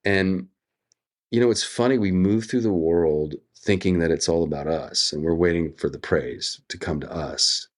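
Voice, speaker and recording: A middle-aged American man speaking as an actor guest in an interview, earnest and reflective, telling stories with drawn-out pauses. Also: sits low. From United States.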